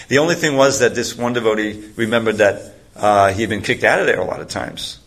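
A man with a fairly low voice tells a story during a talk. He rambles loosely from point to point. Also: brisk, a bit bright. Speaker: speaker.

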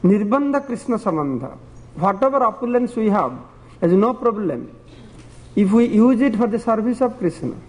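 A man's voice: high voice, animated, normal speed, in a large hall, poor audio. A man preaching a devotional sermon and telling parables in simple, broken phrasing, chuckling at his own stories.

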